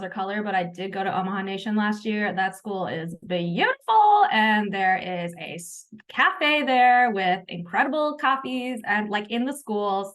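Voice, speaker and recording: A woman's voice: mid-range voice, fairly bright tone. A woman leading an online training session, upbeat and chatty, with frequent fillers. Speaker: session facilitator.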